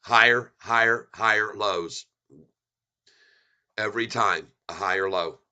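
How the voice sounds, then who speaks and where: Bright-voiced excited stock chart commentator. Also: male voice, lowish voice, slow, clear, resonant tone. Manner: excited, folksy, repeats himself for emphasis.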